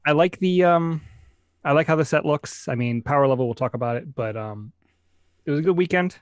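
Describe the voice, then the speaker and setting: A man co-hosting a podcast, teasing dryly and pausing on fillers as he talks. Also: a little high, no room sound. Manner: dry teasing, halting with fillers. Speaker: podcast co-host. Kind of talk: casual chat.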